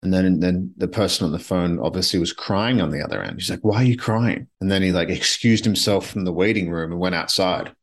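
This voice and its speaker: A man's voice: low voice, fast talker, hardly any pauses. A man from Canada hosting a solo podcast, talking candidly and rambling, swearing now and then. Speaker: podcast host. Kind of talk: solo reflective podcast monologue. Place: his apartment.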